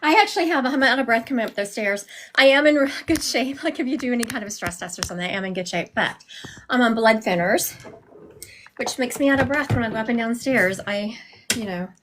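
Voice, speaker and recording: A woman's voice: on the high side, a little fast, fairly bright tone, a little hiss or hum. A middle-aged woman who works as a psychic medium, rambling chattily on a livestream from her home through a phone she carries around.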